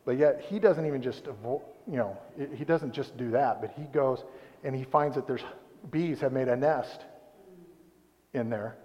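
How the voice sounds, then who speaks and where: A man's voice: medium pitch, moderate pace, dark tone. A man preaching a sermon in a rambling, conversational way, often breaking off and restarting his sentences. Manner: rambling, conversational, self-interrupting. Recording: dull recording in a reverberant hall.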